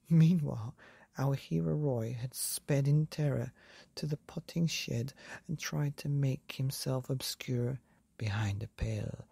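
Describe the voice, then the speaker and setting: A woman reading a rhyming story aloud at bedtime, soft and half-whispered. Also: rumbling low, creaky, husky, no echo. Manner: soft, half-whispered, sing-song rhyme.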